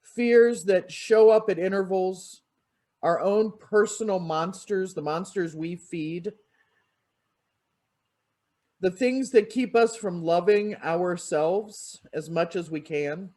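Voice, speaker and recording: A minister preaching a sermon in an expressive storytelling manner. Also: medium pitch, slow pace.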